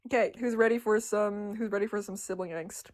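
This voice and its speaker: A young woman artist chatting casually on a livestream about her drawings, excitable and giggly, laughing often. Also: mid-range voice, brisk.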